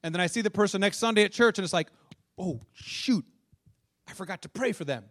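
Male pastor, high voice, lively storytelling sermon with questions to the congregation. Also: rapid-fire. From northern United States. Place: church.

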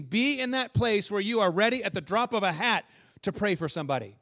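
A man's voice: sits high, lively intonation, a little fast, a bit bright. A male pastor from the northern United States preaching a sermon in church, telling stories and asking the congregation questions.

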